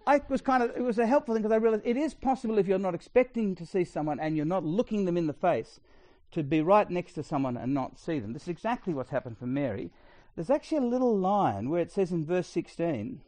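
A middle-aged Australian man preaching a sermon in a chatty, storytelling way with quick asides. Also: high voice, mellow, no echo.

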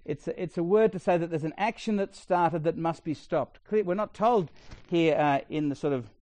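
Aussie preacher guy, middle-aged, telling stories mid-sermon, bit high-pitched, dry close sound. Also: moderate pace, a little mellow, no room sound. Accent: Australian. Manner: conversational storytelling with asides.

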